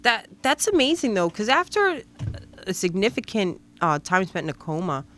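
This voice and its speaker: A woman co-hosting a podcast in casual chat, giggly and quick to exclaim. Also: mid-range voice, big pitch swings, fairly bright tone. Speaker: podcast co-host.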